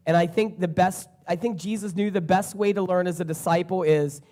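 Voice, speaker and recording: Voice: medium pitch, steady tone, brisk, mellow. A preacher giving an earnest sermon and repeating key phrases for emphasis.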